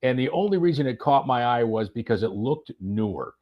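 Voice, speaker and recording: A man casually telling a golf anecdote on a podcast, animated, with plenty of fillers and restarts. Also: medium pitch, brisk, highs cut off. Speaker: golf radio reporter and podcast guest. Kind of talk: casual storytelling chat.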